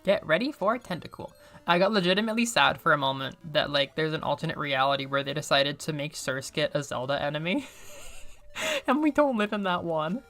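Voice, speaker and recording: A woman streamer chatting casually and excitably while she plays a video game, often joking at her own expense. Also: low voice, a little fast, soft background music. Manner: chatty, excitable, self-deprecating. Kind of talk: casual gameplay commentary.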